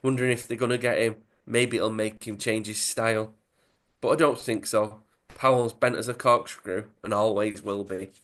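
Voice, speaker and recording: A man's voice: on the low side, fairly even intonation, moderate pace, fairly bright tone, lightly acted. A man voicing a cool, blunt footballer in a comic retelling, speaking dryly. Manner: blunt, dry.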